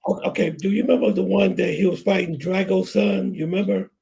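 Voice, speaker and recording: Man, high gravelly voice, raspy, laid-back adviser in a chat. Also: fairly even intonation, a little fast, warm tone. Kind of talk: casual chat.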